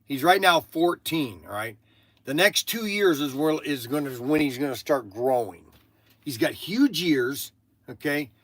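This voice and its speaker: An older man talking casually on his livestream, with a bright, forceful voice pitched a little high for a man. He rambles and restarts often, and the sound is close and dry. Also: lively intonation, dry recording. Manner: halting, with many restarts and asides. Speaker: livestream host.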